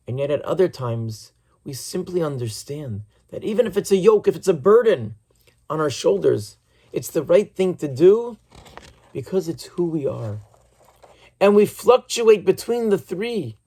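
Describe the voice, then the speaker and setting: A rabbi giving a sermon, telling stories earnestly in a measured, reflective way. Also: male voice, sits high, darkish tone.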